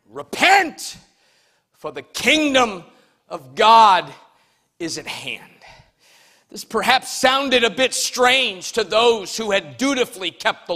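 High, bright-voiced preacher man shouting. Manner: rhythmic, emphatic preaching that swings from hushed to shouting. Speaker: pastor. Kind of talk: sermon.

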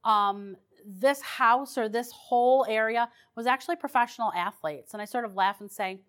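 A woman paranormal investigator tells her stories casually, chatty and rambling, with lots of fillers and restarts. Her voice is medium in pitch and a bit bright.

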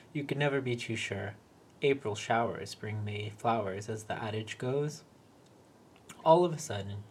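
A man reading a short story aloud in a wry, deadpan way. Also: medium pitch, slight background noise. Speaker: reader.

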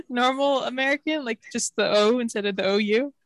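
A woman's voice: on the high side, normal speed, dry recording. A woman in casual chat, talking in a hesitant, chatty way with frequent fillers.

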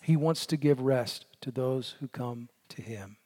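A man preaching a sermon in an earnest way, his voice dropping to a hush on key lines. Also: mid-range voice, unhurried, in a large hall. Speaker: pastor.

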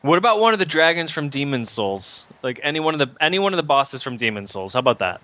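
A man's voice: on the high side, big pitch swings, quick pace, bright, forceful tone. A man co-hosting a casual podcast, crude and sarcastic with heavy swearing. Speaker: podcast co-host. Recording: dry, dull lo-fi audio.

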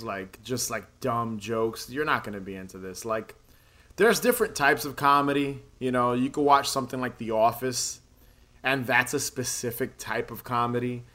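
A young man chatting casually about a movie, his voice bright and forward. He rambles through his points with plenty of filler words and laughs easily, at an everyday middle pitch. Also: normal speed. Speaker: podcast co-host reviewing a movie. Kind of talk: casual chat.

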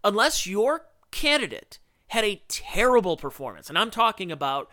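Animated ranting male podcast host. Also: high-pitched, normal speed, dry recording, clean studio sound. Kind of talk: opinionated political commentary.

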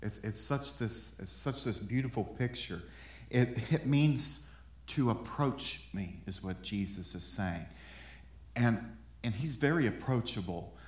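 A man's voice: on the low side, lively intonation, measured pace, echoey room. A man preaching a sermon in a conversational way, often repeating words as he builds a point. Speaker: pastor. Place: room with an audience.

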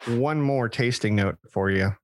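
A man in a relaxed podcast conversation, reading off a list in a chatty, stop-start way. His voice sits in a mid male range and sounds close and dry, with little room in it. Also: medium pitch, measured pace, no echo. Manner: chatty, with frequent restarts and fillers, reading from a list. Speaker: podcast host. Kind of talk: casual chat.

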